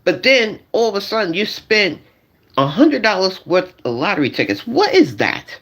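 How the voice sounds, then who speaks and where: A man's voice: high-pitched, normal speed. Male streamer doing a comic rant to his chat, voice swinging up and down a lot, keeps repeating himself. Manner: animated, repetitive, addresses the audience directly. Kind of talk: comedic rant to a live chat.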